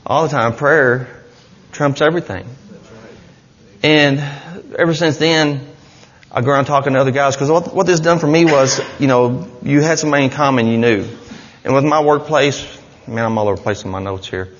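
An earnest man speaks to a church gathering, rambling through his testimony with frequent restarts. His middle-pitched voice rings out in a long-echoing hall. The recording sounds dull and muffled. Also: normal speed. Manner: earnest, rambling, with many restarts and "you know". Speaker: church member giving a testimony. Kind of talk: personal testimony to a congregation.

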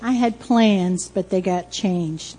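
An older grandmother speaks to a congregation in an unhurried, mellow voice. She is emotional and close to tears, telling a personal story straight to her granddaughter beside her. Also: mid-range voice, long reverb tail. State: tearful. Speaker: church speaker.

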